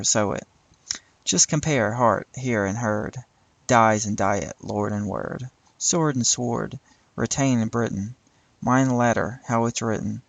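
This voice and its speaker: A man reading a poem aloud slowly and deliberately, now and then stumbling and laughing at tricky words. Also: on the low side, vocal fry, dry recording, low-quality recording. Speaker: reader.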